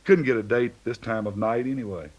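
A man doing a gruff brooding young man. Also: medium pitch, brisk, darkish tone, lo-fi sound, lightly acted. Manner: gruff, muttering.

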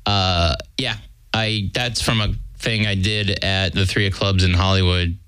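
Laid-back, smooth-voiced male comedian. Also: low-pitched, steady tone, a little slow, a bit bright, dry recording. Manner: laid-back, rambling, full of fillers. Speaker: podcast guest comedian. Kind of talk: casual chat.

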